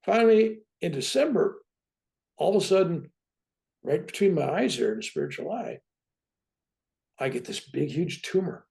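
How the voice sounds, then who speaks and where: A very gravelly older man in his seventies tells his story as a talk-show guest. His pitch swoops up and down as he goes. He sits a little high for his age and keeps checking in with "right?". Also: moderate pace, pauses often. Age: 70s. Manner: lively, keeps tagging "right?" onto his points. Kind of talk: animated personal storytelling.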